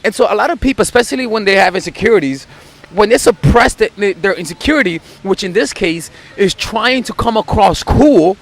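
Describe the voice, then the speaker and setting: A man's voice: sits high, fairly quick. Earnest dating coach, man. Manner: repeats words often when excited; earnest, insistent delivery. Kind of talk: advice video to camera.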